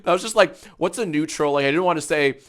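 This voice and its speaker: A man's voice: a little high, quick pace, a bit bright. A man chatting casually on a livestream, joking and riffing on messages from chat. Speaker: streamer.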